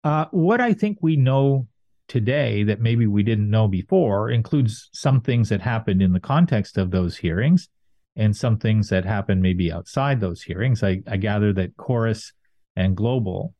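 A man's voice: fairly low pitch, lively intonation, a little slow, dark tone, dry recording, muffled recording. A middle-aged man giving thoughtful political commentary, hedging often with fillers.

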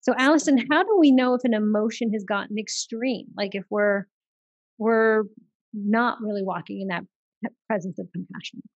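A woman hosts a faith-based talk show, speaking in an earnest, conversational way with many small affirmations. Her voice is recorded close and dry, with no room around it. Her pitch sits in the middle for a woman. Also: moderate pace, no echo, muffled recording. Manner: earnest, affirming, frequent listening sounds. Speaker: podcast host.

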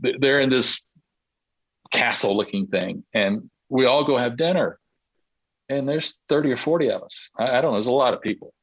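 A man, a podcast guest, telling a long anecdote in a lively way and laughing through his own tale. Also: mid-range voice, moderate pace, dry recording, highs cut off. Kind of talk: anecdotal storytelling.

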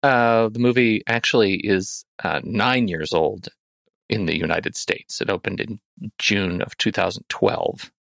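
A man with a bright, forceful voice co-hosts a film podcast in loose, casual banter. He muses and hedges his way through points and gets playfully exasperated with his co-host. The sound is dry and close to the mic. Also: lowish voice, measured pace, gravelly, no room sound. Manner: musing, hedging, playfully exasperated.

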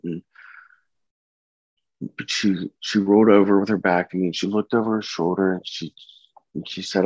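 Deep-voiced grieving father, somber and halting. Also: fairly even intonation, darkish tone, husky, no room sound. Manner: earnest, halting, somber storytelling. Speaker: bereaved husband and father telling his story. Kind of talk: personal testimony. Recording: dull, dry lo-fi recording.

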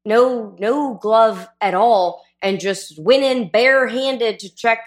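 A middle-aged woman, a labor and delivery nurse, chatting casually and telling animated stories with loud exclamations. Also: a little high, slow. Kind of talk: casual chat.

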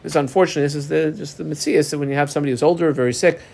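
Man, Talmud teacher; relaxed, chatty delivery, mid-high register, Aramaic phrases woven into plain English. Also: racing, creaky. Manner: mixes Aramaic and Hebrew terms with casual English asides. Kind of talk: daf yomi Talmud lesson.

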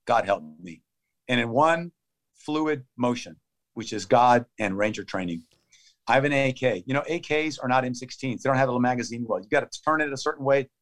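A man in his fifties being interviewed, telling a story in urgent, clipped phrases that come out in a fast play-by-play. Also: mid-range voice, fairly bright tone. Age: 50s. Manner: vivid, urgent play-by-play retelling of combat. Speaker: interview guest. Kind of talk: conversational storytelling.

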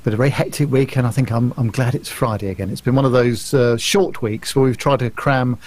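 Casting: British male co-host, mid-pitched, relaxed with pauses. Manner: easygoing, hesitant with fillers. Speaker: podcast co-host. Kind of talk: casual podcast chat.

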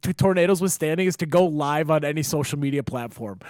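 A young man co-hosting a podcast, talking in an animated, laughing and swearing way in casual chat. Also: on the high side, fast, clear, resonant tone, dry recording, clean studio sound. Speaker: podcast co-host.

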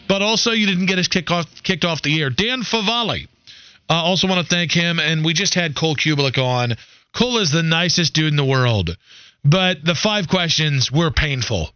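A man's voice: high voice, bright, forceful tone, dull audio. A man hosting a sports radio show in casual, joking banter, rambling and self-deprecating.

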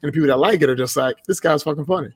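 A man's voice: a little high, rapid-fire, slightly rough, no room sound. A man chatting casually on a podcast as a guest, telling stories in a laid-back, profane way and quoting other people's reactions. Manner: profane, laid-back storytelling with quoted voices. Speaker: guest, beard-care business owner.

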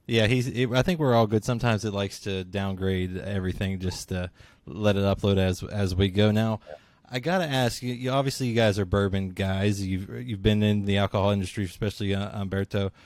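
A man hosting a casual interview over a video call, easygoing and quick to laugh. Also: on the low side, steady tone, darkish tone, no echo. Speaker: show host.

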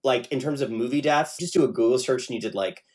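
A man's voice: mid-range voice, quick pace, darkish tone. A man hosting a casual interview, jokey and swearing freely. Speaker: host.

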